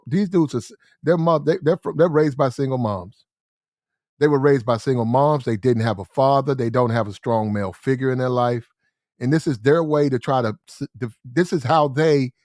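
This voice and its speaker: A man's voice: medium pitch, a little mellow, no echo, studio quality. A man from the United States giving blunt, slangy opinion commentary, repeating his points for emphasis. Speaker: commentary show host.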